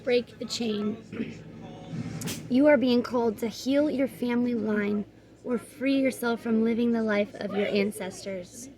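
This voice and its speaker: Tarot reader, woman; calm earnest read-aloud of card meanings, slightly high voice. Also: moderate pace, rough recording. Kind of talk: reading aloud from oracle card guidebook.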